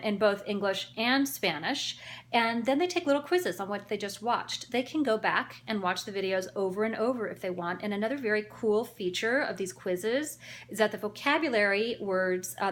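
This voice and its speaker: A woman's voice: medium pitch, fairly bright tone, slight background noise. Woman presenting with rhetorical questions. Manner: rhetorical questions, acts out parents talking to a child. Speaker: teacher presenting a learning tool. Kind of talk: narrated presentation.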